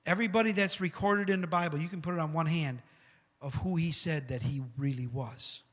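A man preaching a sermon with animated asides like "come on" and "amen," retelling scripture stories in a casual voice. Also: on the high side, fairly quick. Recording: long hall reverb.

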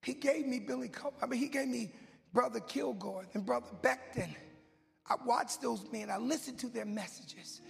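A man preaches with a very high, gravelly voice, loud and goofy as he tells a story. He drops to hushed whispers, then climbs to shouting. His voice rings out in a hall with a long echo, and faint music plays behind him. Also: normal speed. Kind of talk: sermon.

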